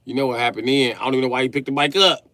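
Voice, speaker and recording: On a livestream, a man in his late 30s rants through profane, comic stories, laughing as he goes and staying animated throughout. He talks very fast in a mid-range voice, with no echo.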